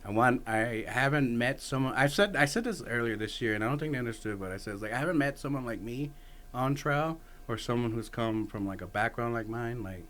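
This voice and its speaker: A man's voice: medium pitch, expressive, fairly quick, fairly bright tone. Laid-back man who swears and laughs. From Texas. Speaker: podcast guest. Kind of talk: casual conversation.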